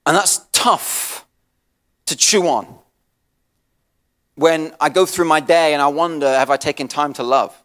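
An English man preaching a sermon as pastor, swinging from soft and low to loud and passionate, often repeating and restarting words. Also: measured pace, long pauses, long reverb tail. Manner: restarts and repeats words, self-deprecating asides.

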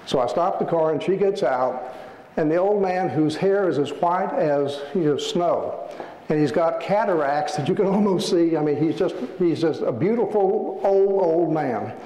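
A man, an author, giving a storytelling lecture in an animated way, acting out the people in his stories. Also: fairly high pitch, moderate pace. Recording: echoey hall, faint ambience.

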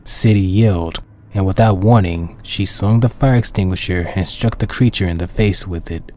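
A deep-voiced man narrates a dark fan story in an even, steady way. Faint noise sits under his reading. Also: normal speed.

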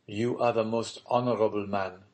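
A man's voice: lowish voice, fairly even intonation, moderate pace, a little mellow, natural voice. A man voicing a devoted young son who speaks earnestly and pleadingly in an audiobook reading.

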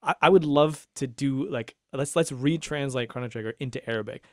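A man co-hosting a casual podcast discussion, talking in an animated, rambling way with restarts and laughs. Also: medium pitch, brisk, no echo, studio quality. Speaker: podcast co-host.

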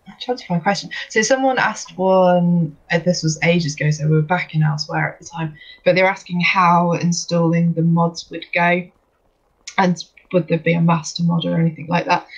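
Host, husky voice, Q&A explainer, lo-fi stream mic. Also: mid-range voice. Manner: explanatory, with frequent fillers. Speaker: stream host reading viewer questions. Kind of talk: casual stream Q&A. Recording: dull, lo-fi stream audio.

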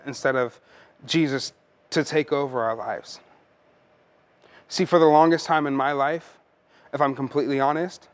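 A man preaching a sermon as pastor, earnest and conversational, often repeating words as he goes. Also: on the high side.

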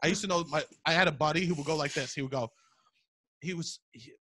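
A man, hosting a podcast in casual chat, loud and profane, telling animated stories. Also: a little high, fast talker, a little hiss or hum. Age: 30s. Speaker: podcast host.

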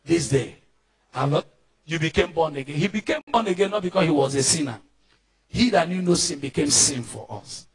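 A Nigerian pastor preaching a fervent sermon, often shouting and calling on the congregation to answer back. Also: male voice, fairly high pitch, lively intonation, moderate pace.

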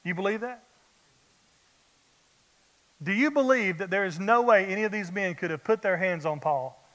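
Preaching at a moderate pace in a high, bright male voice, a pastor fires rhetorical questions at his congregation during a lively sermon. His words ring through the church sanctuary with long reverb.

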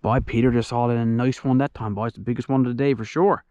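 A man on a pond in a kayak, giving casual running commentary while fishing and calling excitedly to his dog and his viewers. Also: medium pitch, quick pace, no echo, muffled recording. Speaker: outdoors vlogger.

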